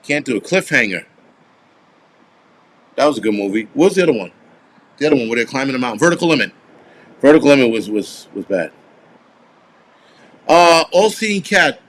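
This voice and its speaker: A man's voice: medium pitch, sing-song, fairly quick, long pauses, a bit bright, a little hiss or hum. A man in his forties hosting a casual live stream, rambling and swearing as he answers viewers. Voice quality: profane, rambling. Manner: answers viewer comments offhand.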